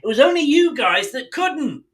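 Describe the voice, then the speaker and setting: An English man hosting a football fan channel, ranting bluntly and swearing freely, and acting out imagined conversations in quick asides. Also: very high-pitched, very animated, a bit bright. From England. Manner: mimics others in asides. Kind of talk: impassioned fan rant.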